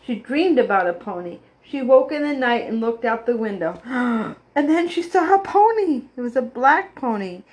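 A woman reading a children's story aloud, expressive, with gasps and little asides. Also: on the high side, normal speed.

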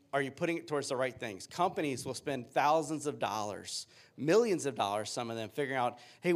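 A man in his thirties, a pastor giving a sermon with upbeat, joking storytelling. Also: mid-range voice.

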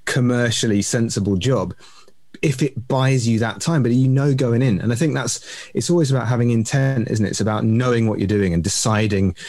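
A man in the middle of the usual pitch range talks as a podcast guest, recorded dry and close. He reflects on business and work and often closes his points with tag questions. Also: fairly quick, a little mellow, no echo. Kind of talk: casual business podcast chat.

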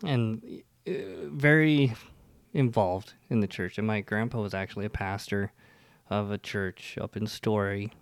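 A man's voice: lowish voice, a little slow, smooth, no echo. A man on a podcast telling a long joke and then his church upbringing, rambling with fillers and restarts. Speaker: podcast co-host telling his faith story. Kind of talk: casual conversational storytelling.

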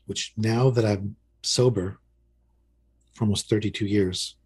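A man's voice: on the low side, steady tone, unhurried, darkish tone, breathy edge. A man in his fifties telling his recovery story in a candid, self-mocking way, full of restarts. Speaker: podcast guest. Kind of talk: recovery story told in casual conversation.

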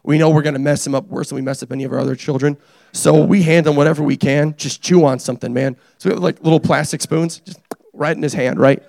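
A young man preaching a casual, energetic sermon, joking and teasing the congregation as he tells stories about his family. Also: fairly high pitch, fast, creaky, no room sound, clean studio sound. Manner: animated, joking, self-deprecating. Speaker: pastor.

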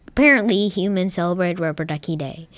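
A woman's voice: on the low side, fairly quick, no echo, close to an everyday voice. Matter-of-fact female computer for a storybook, read by a woman, dry close recording. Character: female computer that becomes a UFO or drone.

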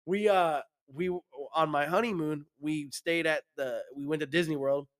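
A man's voice: a little high, steady tone, moderate pace. A man co-hosting a casual podcast, telling rambling, profane stories and laughing often. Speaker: podcast co-host. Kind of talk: casual chat.

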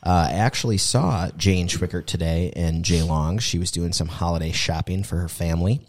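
A man's voice: sits low, moderate pace, no room sound. A man hosting a podcast in casual chat, also giving an upbeat sponsor read. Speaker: podcast host.

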